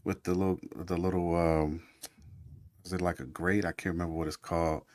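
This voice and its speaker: A man's voice: low voice, little pitch movement, brisk, dry recording. A man guest in a casual interview, talking in a laid-back, encouraging way.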